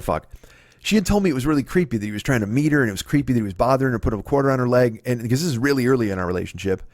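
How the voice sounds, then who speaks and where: A man's voice: medium pitch, dry recording, studio quality. A man in his forties hosting a podcast, telling a comedic story in a profane, exasperated way, acting out both sides of old arguments. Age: 40s. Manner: profane, exasperated, animated retelling with quoted dialogue. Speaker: podcast host.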